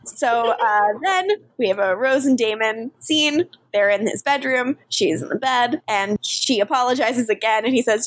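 A woman co-hosting a casual podcast recap, talking fast, laughing often and acting out characters' lines. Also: a little high. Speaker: podcast co-host.

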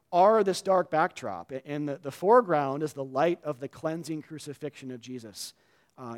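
Guy preaching, kinda high-ish voice, chatty w lots of um and uh, gets quiet on asides. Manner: conversational, many fillers and restarts, voice drops low and quiet for asides. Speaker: pastor. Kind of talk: sermon.

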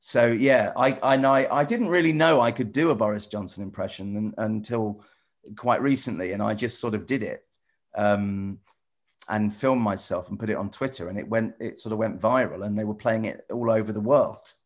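A man presenter chatting with children in a casual video call, rambling and restarting often, gentle and encouraging. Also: lowish voice, normal speed. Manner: rambling, stop-start, many repeated "you know". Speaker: TV presenter answering children's questions.

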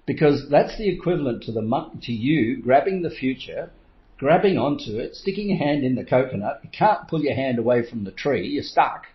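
Middle-aged male coach, lo-fi recording. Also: mid-range voice. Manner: storytelling, acts out his own inner voice, chuckles often. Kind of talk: motivational talk. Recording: slightly dull lo-fi recording.

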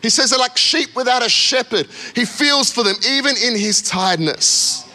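Bright high-voiced man preaching in a reverberant hall. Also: normal speed. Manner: preaching with repeated "come on", acted quotes and laughs. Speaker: pastor. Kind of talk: sermon.

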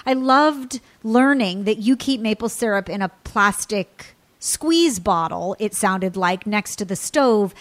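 A woman's voice: mid-range voice, expressive, measured pace. A woman hosting a radio food show, talking in an effusive, gushing way.

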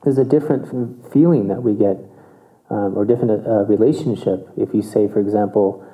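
A man's voice: fairly low pitch, normal speed. A man giving a casual meditation talk, conversational and chuckling, often checking in with his listeners. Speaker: meditation teacher. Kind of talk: relaxed dharma talk. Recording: tinny phone-like audio.

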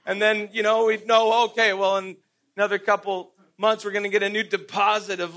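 Middle-aged guy preaching, high voice, laughs and trips over his words a bit. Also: fairly quick, pushed and bright. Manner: storytelling with self-deprecating laughs and repeated "and, and". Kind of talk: sermon.

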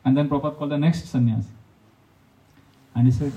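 A man's voice: medium pitch, fast, long pauses, far from the mic, poor audio. A man, a monk giving a devotional talk full of anecdotes, often laughing and acting out quotes. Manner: storytelling, animated, laughs often, acts out quotes.

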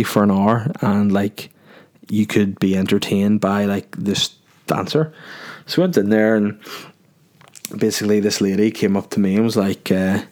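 A man's voice: lowish voice, a little mellow. A young man hosting a podcast, telling crude stories in a rambling, joking way. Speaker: podcast host. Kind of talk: casual storytelling.

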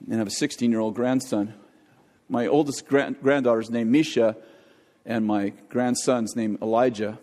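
An older man preaching a sermon, telling a jokey family story in an animated way. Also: mid-range voice, normal speed. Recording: long hall reverb.

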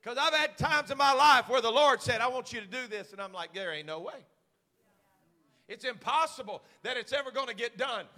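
High, bright-voiced preaching man. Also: a little fast, few pauses, in a large hall. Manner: swings from hushed asides to shouted preaching. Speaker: pastor. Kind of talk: sermon.

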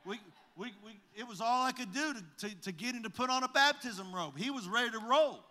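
A male pastor telling a story in a sermon, recounting conversations line by line with many "I said, he said" turns and halting restarts. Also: very high-pitched, expressive, pushed and bright. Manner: recounts conversations, retelling each exchange with repeated "I said, he said"; halting restarts and repeated words.

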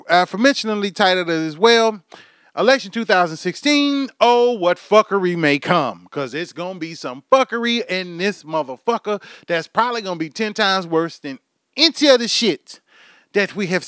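A man's voice: high voice, pushed and bright, clean tone, no room sound, clean studio sound. A man hosting his own podcast, rambling through a swear-filled comic rant. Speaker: podcast host. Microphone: podcast microphone.

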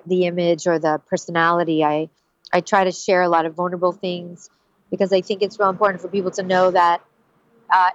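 A woman's voice: on the low side, lo-fi sound. A woman voice actor chatting candidly as an interview guest, earnest and a little rambling. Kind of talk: casual interview chat.

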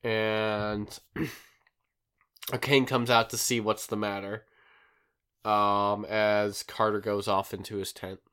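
A man's voice: lowish voice, flat delivery, takes it slowly, pauses often, sharp tone, smooth. A man hosting a podcast who recaps a show in a rambling, casual way, full of fillers. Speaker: podcast host recapping an episode. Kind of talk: casual chat.

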